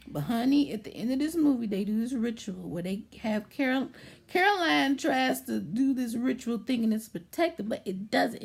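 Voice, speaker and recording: A woman's voice: fairly high pitch, creaky, a little mellow, slightly rough. A woman vlogger animatedly retelling a movie plot, checking in with her listener as she goes.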